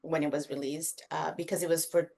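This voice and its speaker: A woman guest film reviewer on a podcast, talking in a relaxed, thoughtful way. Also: deep voice, fairly quick, gravelly. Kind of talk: casual podcast chat.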